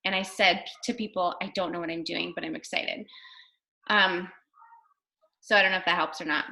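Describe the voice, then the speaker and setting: A woman's voice: on the low side, steady tone, normal speed, bright, forceful tone. A woman leading a casual team video call as a fitness coach, chatty and upbeat, full of fillers and acted-out quotes.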